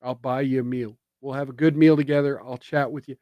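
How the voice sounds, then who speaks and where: A man's voice: medium pitch, steady tone, fairly quick, dry recording, muffled recording. A man streaming political commentary, sarcastic and emphatic, with indignant rhetorical jabs.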